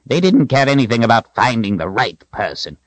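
A man's voice: big pitch swings, unhurried, dry recording. A man voicing an old wizard, raised and ringing. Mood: wry, knowing. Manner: high, ringing proclamations, then wry, secretive asides. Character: old bony male wizard, proud and cryptic.

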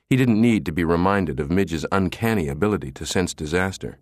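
A male audiobook narrator reads a scripted thriller in a steady, measured storytelling style. His voice sits low, and the studio recording is clean with no echo.

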